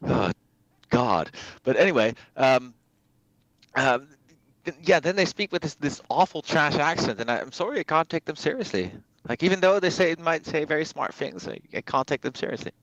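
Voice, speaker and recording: Man, podcast host, blunt, opinionated, halting, mid pitch, dry close recording. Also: animated, fairly bright tone, dry recording, highs cut off. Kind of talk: casual conversation.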